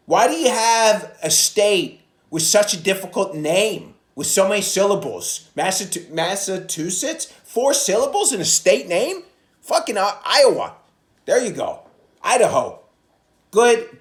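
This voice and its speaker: In a roomy-sounding recording, a male stand-up comedian with a high voice rambles through a profane solo podcast monologue. He's recording on a phone propped against a coffee cup and keeps jumping into loud impressions.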